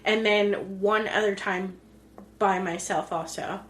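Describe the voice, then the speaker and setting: A woman co-hosting a casual podcast from home, chatty and enthusiastic and quick to laugh. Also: mid-range voice, fairly even intonation, a bit bright, a little hiss or hum. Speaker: podcast co-host. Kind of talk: casual chat. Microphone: pink studio mic.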